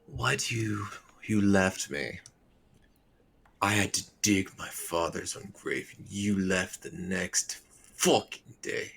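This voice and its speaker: A man with a very low, gravelly voice plays a dwarf cleric at the gaming table. He speaks slowly and flatly, with a heavy, deliberate delivery. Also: slight background noise. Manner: slow, flat, gravelly delivery. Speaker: player. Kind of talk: in-character tabletop play.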